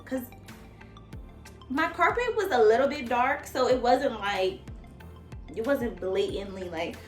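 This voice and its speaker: Woman nail tech doing a storytime, swears a lot, super animated voice going all over, echoey room. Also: fairly high pitch. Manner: animated, profane, addresses viewers as y'all. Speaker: nail technician. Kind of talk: casual storytime.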